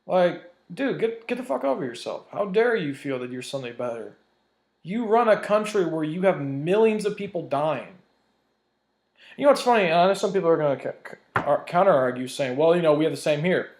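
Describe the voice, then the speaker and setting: A man's voice: on the high side, big pitch swings, a little fast. A man ranting in a vlog, heated and profane, hammering his points with emphasis. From United States. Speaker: vlogger. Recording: roomy echo.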